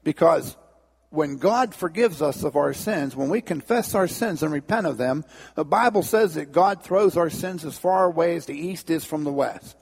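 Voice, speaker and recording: A pastor telling stories in a folksy, conversational sermon. His voice sits a little high, gravelly and husky, and it rings in a long reverb. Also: animated, normal speed, darkish tone. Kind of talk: sermon with storytelling.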